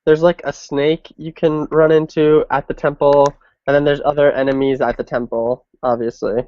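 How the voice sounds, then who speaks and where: A young man chatting casually about a game, hesitant and halting with many pauses. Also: on the high side, level tone, dark tone, no room sound, muffled recording. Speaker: younger brother, gaming channel host. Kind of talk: casual chat.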